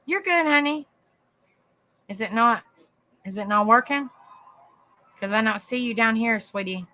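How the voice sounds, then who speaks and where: A woman's voice: on the high side, measured pace, pushed and bright, poor audio. A woman hosting a livestream, talking casually and calling her guests honey and darling. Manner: calls people honey and darling. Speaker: livestream host.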